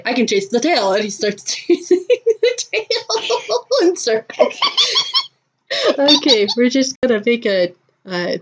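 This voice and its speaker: Casting: woman player, unhurried, laughing, rambling, muffled lo-fi recording. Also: mid-range voice. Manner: laughs often, many fillers. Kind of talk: narrating a tabletop role-play.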